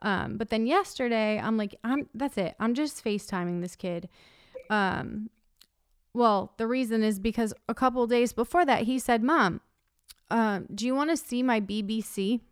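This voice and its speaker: Middle-aged woman, podcast co-host, casual chatty storytelling, slightly high voice, smooth and clear, dry close sound. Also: normal speed, dry recording. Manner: chatty storyteller, acts out quotes, laughs often. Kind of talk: casual chat.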